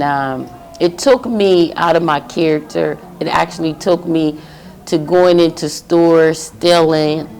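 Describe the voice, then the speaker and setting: A middle-aged woman giving an emotional personal testimony, halting and pausing often. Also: deep voice, darkish tone. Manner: emotional, halting, with many pauses. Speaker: testimony speaker.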